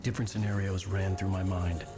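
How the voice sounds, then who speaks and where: An actor playing a haunted male writer, giving grim, measured game narration. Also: sits low, flat delivery, lightly acted. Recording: game audio with music behind.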